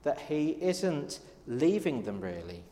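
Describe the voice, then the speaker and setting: In an echoey hall with long reverb, a man preaches a sermon in a fairly high, sing-song, warm voice, taking it slowly. He's earnest and tells stories, acting out little exchanges with quoted dialogue along the way.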